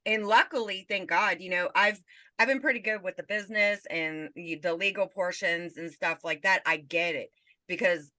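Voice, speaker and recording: A woman's voice: on the low side, moderate pace, sharp tone, no echo. A woman hosting a casual interview, talking in a direct, frank way with casual cursing.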